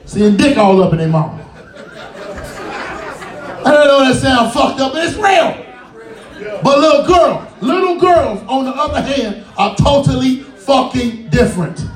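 A man doing a stand-up comedy set on a cafe stage, loud and profane, acting out characters as he goes. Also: extremely high pitch, animated, a little slow, a faint crowd. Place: music cafe stage with live audience. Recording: roomy, distant live club recording.

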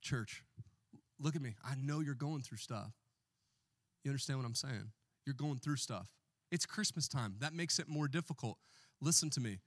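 A man's voice: mid-range voice, normal speed, pauses often, dry recording, clean studio sound. A man preaching a sermon as pastor in a church, joking with the congregation and calling for responses.

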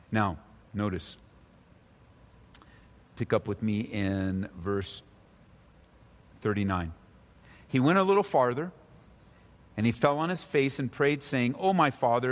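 A male pastor preaching a sermon, his voice swinging between loud, high emphasis and low, hushed stretches. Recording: long reverb of a large hall.

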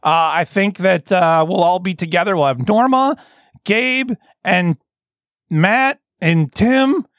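Male podcast host, excitable, bouncy high delivery, recorded dry. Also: slow pace, dry recording. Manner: excitable, laughs often, restarts sentences. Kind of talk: casual comedy podcast chat.

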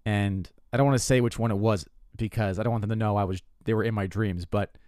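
Rambling, profane young comedian. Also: male voice, on the low side, steady tone, fast, darkish tone, dry recording, studio quality. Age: 20s. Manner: rambling, profane, self-mocking storytelling with frequent restarts. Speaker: comedian podcast host. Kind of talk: casual comedic monologue.

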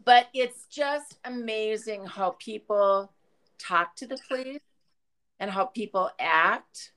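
A woman's voice: medium pitch, slow pace, fairly bright tone. A woman, the hosts' mother, chatting casually on a podcast and telling stories with fillers.

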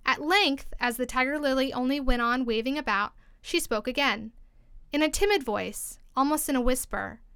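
A woman narrating a storybook aloud, lively and expressive. Her voice is high, bright and crisp. The recording is dry and close. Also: moderate pace, no room sound. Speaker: storybook reader.

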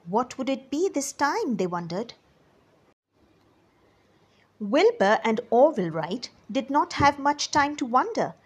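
Slow, breathy woman reading children's story. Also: sits high. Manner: expressive, addresses children directly.

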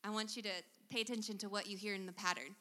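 A middle-aged woman, a guest speaker at a church service, teaches the congregation about relationships in the sanctuary, quizzing them with questions as she goes in a teacherly way. Her mid-range voice sounds pushed and bright, with fairly even intonation and a quick pace. Church hall reverb colors the recording.

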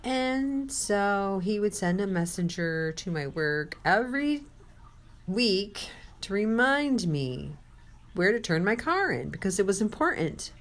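A woman's voice: medium pitch, very animated, slow. A woman giving a sermon-style testimony, telling a personal story with quoted dialogue and speaking to the listener.

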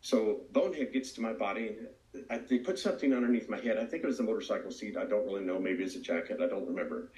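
A man's voice: lowish voice, quick pace, darkish tone. A man giving an earnest, reflective personal testimony as a recovery speaker. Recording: roomy echo.

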